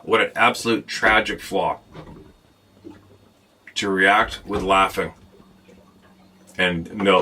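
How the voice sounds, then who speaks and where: Speaking from a boat, this show host delivers a swear-filled rant to the camera, blunt and exasperated. His voice is low-pitched with a sharp tone, and there's slight noise in the background.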